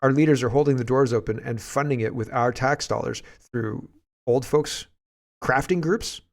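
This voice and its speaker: A man's voice: medium pitch, normal speed, creaky. A Canadian man hosting casual political commentary, rambling and sarcastic and often laughing.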